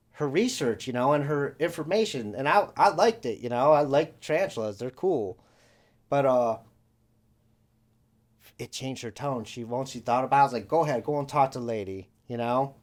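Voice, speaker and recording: A young man co-hosting a podcast, telling rambling stories in casual chat and acting out the voices of the people he quotes. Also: medium pitch. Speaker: podcast co-host.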